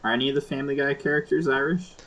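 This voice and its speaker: A man's voice: medium pitch, steady tone, very fast, fairly bright tone, poor audio. A young man chatting as a podcast guest, laid-back with dry remarks. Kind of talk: casual podcast chat.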